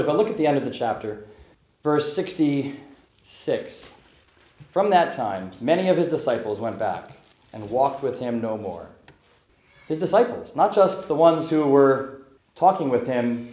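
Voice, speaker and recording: A man's voice: mid-range voice, a little mellow, roomy sound, low-quality recording. A man preaching a sermon, working through a scripture passage with earnest, rising emphasis on key phrases.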